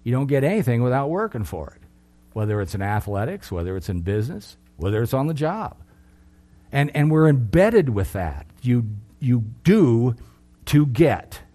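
A middle-aged man preaching a sermon, earnest, lifting his voice for emphasis and then dropping low. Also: big pitch swings, normal speed, dark tone.

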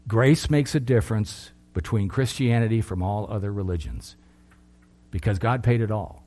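A middle-aged man preaching a sermon, earnest, lifting his voice for emphasis and then dropping low. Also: expressive, moderate pace, a little mellow.

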